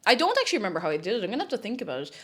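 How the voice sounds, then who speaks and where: A woman's voice: medium pitch, huge pitch swings, very fast, a bit bright. A woman chatting casually and giggling while cooking at home on a live stream. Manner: chatty and giggly, breaks into silly noises.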